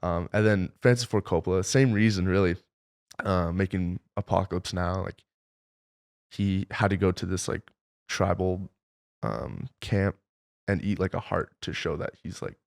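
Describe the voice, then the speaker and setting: Young male director guest, low gravelly voice, loose rambling talk full of filler words. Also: steady tone, normal speed, darkish tone. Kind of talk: casual interview storytelling.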